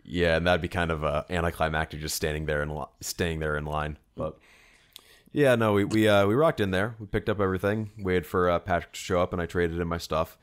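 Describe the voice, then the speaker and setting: A man with a deep, low voice co-hosts a casual podcast chat. He rambles through his stories with plenty of fillers, restarts and asides, in a relaxed, everyday way. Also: brisk, smooth. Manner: rambling, filler-heavy storytelling. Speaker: podcast co-host.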